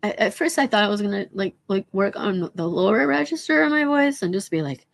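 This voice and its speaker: A hoarse woman who is losing her voice, chatting in a scattered, rambling way on a live stream and swearing freely. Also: medium pitch, lively intonation, fairly quick.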